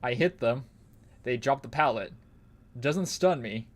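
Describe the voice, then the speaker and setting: Young man, game streamer, mid-pitched voice, rambling, swears a lot, laughs easily. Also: expressive, unhurried. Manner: rambling, profane, laughs often. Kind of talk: casual gaming commentary.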